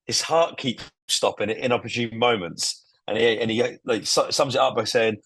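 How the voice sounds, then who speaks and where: A man's voice: medium pitch, steady tone, normal speed, fairly bright tone, slightly rough, no room sound. A man co-hosting a podcast, enthusiastically recounting a comedy show and swearing freely. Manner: enthusiastic, swearing, acting out scenes. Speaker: podcast co-host. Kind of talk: casual podcast chat.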